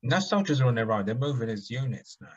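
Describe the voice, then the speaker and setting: Blunt husky man, dull sound. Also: mid-range voice, animated, fast. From London. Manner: blunt, grim, sobering, swearing. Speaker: podcast co-host. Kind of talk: casual chat.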